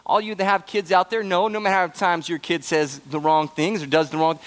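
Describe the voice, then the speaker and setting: A man preaching a sermon, earnest and emphatic, who rises to excited bursts and drops to soft, low asides. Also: moderate pace, pauses often, slight background noise. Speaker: pastor.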